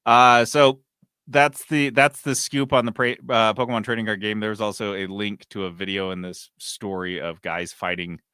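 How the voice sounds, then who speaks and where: Bright-voiced ranting podcast host. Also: male voice, lowish voice, normal speed, clean tone, no room sound, studio quality. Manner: animated, swearing, ranting. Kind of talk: casual gaming news chat.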